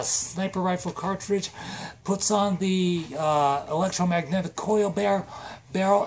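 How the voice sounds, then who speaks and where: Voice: medium pitch, darkish tone, a little hiss or hum. A channel creator telling an absurd made-up story in a rambling, hyper way with lots of fillers. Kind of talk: comic improvised storytelling.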